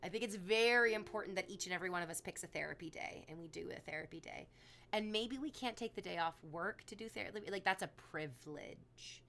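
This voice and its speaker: A woman's voice: mid-range voice, fast, fairly bright tone, slight background noise. Chatty woman streamer gushing and rambling. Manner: gushing, rambling, talks baby talk to her cat. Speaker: livestreamer. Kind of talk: casual chat to stream chat. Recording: music playing clearly behind her.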